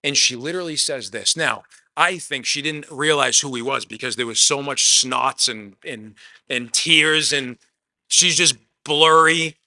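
A male pastor preaching to a room in a loose, conversational way, slipping into little acted-out quotes as he retells the story. His voice is very bright and forward, at a middle pitch. The recording is dry and close, with no room sound. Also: a little slow, dry recording. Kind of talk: sermon.

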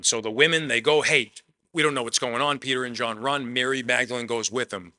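A man's voice: mid-range voice, pushed and bright, no room sound. A man preaching a sermon in a conversational way, acting out the quotes as he tells the story. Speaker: pastor.

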